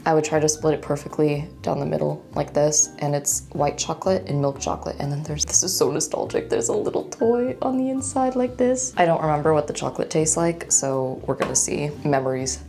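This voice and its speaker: A young woman chatting through a casual taste-test vlog, excitable and gushing over small things. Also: low voice, fairly quick, creaky, few pauses. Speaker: food vlogger.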